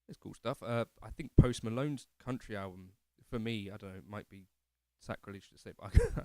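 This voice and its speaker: A man's voice: lowish voice, darkish tone, dry recording. Male streamer, self-deprecating and rambly, dry close sound. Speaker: livestream host. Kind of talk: casual livestream chat, reading comments. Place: home living room.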